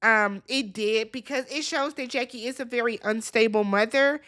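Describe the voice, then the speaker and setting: A woman's voice: fairly high pitch, moderate pace, fairly bright tone. A woman casually retelling a reality-TV episode in a chatty, blunt way, quoting people as she goes. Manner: chatty retelling, quotes people in their voices, blunt swearing. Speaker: recap vlogger.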